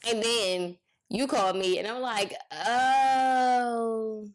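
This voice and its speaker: Young woman podcast co-host, casual slangy storyteller, lively quoting. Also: mid-range voice, moderate pace. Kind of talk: casual chat.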